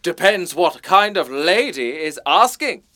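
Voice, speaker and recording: A would-be tough guy from a radio comedy sketch, delivered in a stiff, plummy way by a posh man. The pitch swings about freely. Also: very animated, unhurried, sharp tone, heavily acted. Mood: smooth-talking. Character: posh director playing a tough male lead, adult.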